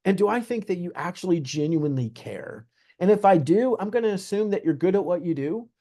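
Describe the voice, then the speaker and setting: A man from Southeast Virginia, a realtor guest on a podcast, telling stories in an earnest, animated way. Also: high voice, a little fast. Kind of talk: conversational interview.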